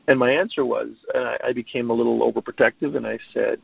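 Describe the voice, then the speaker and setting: A middle-aged man with a gravelly, husky voice, speaking earnestly and often stumbling over his opening words. The sound is dry and dull, like lo-fi audio. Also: mid-range voice, steady tone, fast talker, few pauses, no room sound. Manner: earnest, repeats words when starting sentences. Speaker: guest. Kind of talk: casual interview talk.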